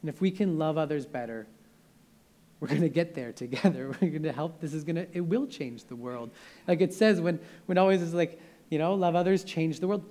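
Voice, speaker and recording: A man's voice: a little high, lively intonation, brisk, mellow. Earnest conversational young male preacher. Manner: earnest and conversational, with frequent fillers and restarts. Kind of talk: sermon.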